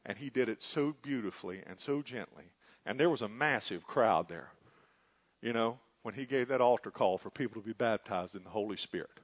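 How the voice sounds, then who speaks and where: Fervent preacher on lo-fi audio. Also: male voice, on the low side, fairly quick. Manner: fervent preaching that swings from hushed to loud, folksy storytelling. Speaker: pastor. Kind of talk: sermon. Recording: dull lo-fi recording.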